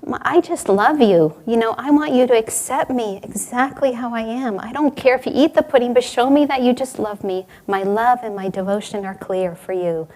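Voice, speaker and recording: A woman's voice: a little high, normal speed, few pauses, darkish tone, close to an everyday voice. A woman voicing a devoted little boy who pleads earnestly in a told story. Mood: pleading.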